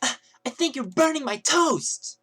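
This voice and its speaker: A rude teenage girl shrieks her complaints in a high, whiny voice. She is loud and bratty, with a man putting her on. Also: expressive, a little slow, exaggerated voice. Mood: shrill.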